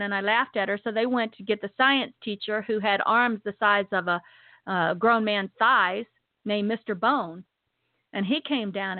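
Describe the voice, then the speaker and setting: A woman giving an emotional personal religious testimony in an earnest, repetitive way, slowing down to stress key words. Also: mid-range voice, no room sound. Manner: earnest, repetitive, slows down for emphasis. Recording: dry tinny phone-like sound.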